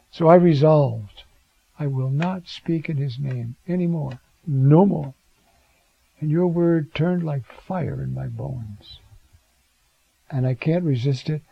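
Gravelly preacher giving a dramatic sermon. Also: male voice, no echo, dull audio. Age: older. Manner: dramatic, acts out biblical quotes with rising pitch.

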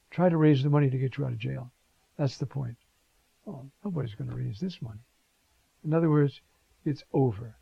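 A man preaching a sermon with emphatic, animated delivery, rhetorical questions and frequent fillers. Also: fairly high pitch, creaky, breathy edge, no echo. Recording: dull lo-fi recording.

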